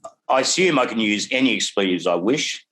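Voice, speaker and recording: An older Australian man, a guest songwriter, telling lively stories over a video call and laughing as he goes. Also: lowish voice, fairly quick. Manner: animated storyteller, laughs through his stories. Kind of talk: casual anecdote telling.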